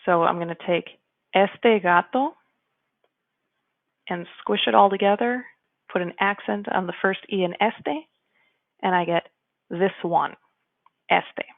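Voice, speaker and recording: A woman teaching a Spanish grammar lesson in a chatty way, slowing down to model example sentences. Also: medium pitch, vocal fry, dry recording. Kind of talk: explanatory lesson. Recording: dry, phone-like narrow sound.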